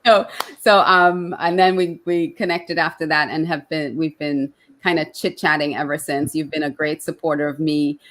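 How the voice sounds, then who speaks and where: A woman's voice: deep voice, steady tone, moderate pace, a bit bright. A woman hosting an online interview show, effusive and fumbling over her words, with many fillers. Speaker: show host.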